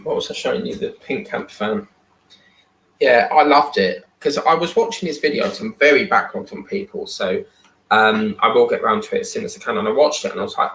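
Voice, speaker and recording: A man's voice: mid-range voice, vocal fry, fairly bright tone, slight background noise. A man hosting a live stream in casual chat, reading and answering viewer comments aloud. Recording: echoey room.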